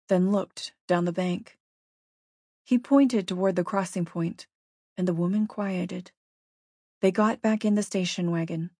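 A woman narrates a story at a steady, measured pace. Her voice sits on the low side, and the recording is dry and close with no room sound. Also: dry recording. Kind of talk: audiobook narration.

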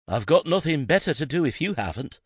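A man's voice: on the high side, very animated, a little fast, slightly rough, dry recording, clean studio sound, pitched above the performer's own voice. A man voicing a shy, nervous young man who speaks hesitantly and in a hurry.

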